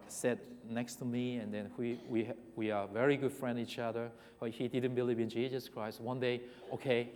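A man's voice: mid-range voice, darkish tone. Korean-accented man preaching in a reverberant hall. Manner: halting, repeats and restarts words; asks the congregation questions. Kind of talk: sermon. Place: church hall.

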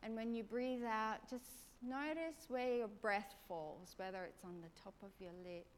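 A woman preacher leading a congregation through a gentle guided prayer meditation, asking soft questions. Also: fairly high pitch, a little slow. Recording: long reverb of a large hall, faint noise.

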